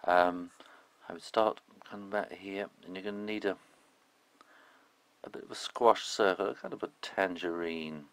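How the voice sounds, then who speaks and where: Male illustrator talking through a drawing lesson, relaxed and rambling, with gravelly fry. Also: sits low, normal speed, no echo, low-quality recording. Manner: casual and chatty, with frequent "um"s and loose phrasing. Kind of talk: spoken drawing tutorial.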